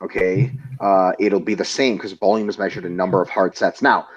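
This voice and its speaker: A low-voiced man talks through workout plans in a casual webinar, blunt and full of profanity. He counts through sets and reps one step at a time. The audio is dull and lo-fi. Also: fairly even intonation, a little fast. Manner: blunt, swears freely, explains training in numbered steps. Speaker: co-host answering viewer questions.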